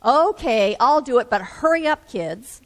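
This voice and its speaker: A woman's voice: a little high, very animated, a little slow, a bit bright, big-room sound, heavily acted. A woman voicing an impatient, busy father who grumbles about traffic and delays in a told story. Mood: exasperated. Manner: grumbling, exasperated.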